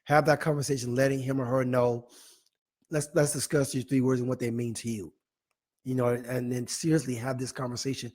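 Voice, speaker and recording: A man hosting a live online talk show, playfully reading out viewer comments with animated, teasing asides. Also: mid-range voice, fairly quick. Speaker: host.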